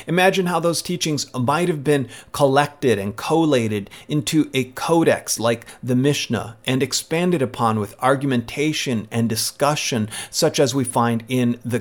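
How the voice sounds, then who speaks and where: A man giving a scripted teaching talk in a measured, rhetorical way, posing one question after another. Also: mid-range voice.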